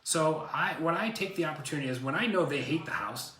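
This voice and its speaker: Male co-host, chatty realtor, bright tone, roomy echo. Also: a little high, fast talker. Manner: animated, rambling storyteller. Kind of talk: casual chat.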